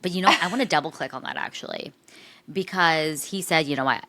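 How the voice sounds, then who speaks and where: Woman, podcast co-host, deep voice for a woman, opinionated banter. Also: fast, pushed and bright. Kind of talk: casual chat.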